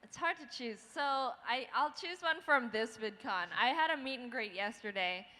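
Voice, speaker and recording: A woman excitedly telling a fan story on a panel, laughing as she goes. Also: normal speed. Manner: high and excitable, laughs through stories. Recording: reverberant hall.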